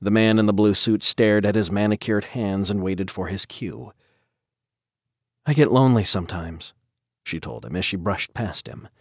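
A man narrating a dark story as an audiobook, in a measured, even storytelling manner. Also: on the low side, no room sound, studio quality.

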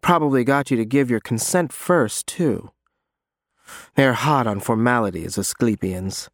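A man voicing a menacing adult man in an audiobook, speaking low and urgent. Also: unhurried, no echo, studio quality, lightly acted. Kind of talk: audiobook character voice.

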